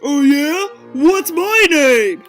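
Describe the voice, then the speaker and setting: A woman voicing a loud, friendly male school bus driver who shouts. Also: very high-pitched, animated, drawn-out words, soft background music, full character voice. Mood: teasing.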